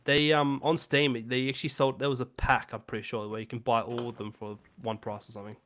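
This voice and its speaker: A man co-hosting a casual podcast, easygoing and quick with jokes. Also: mid-range voice, little pitch movement, a bit bright. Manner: easygoing, quick to react and joke. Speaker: podcast co-host. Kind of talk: casual chat.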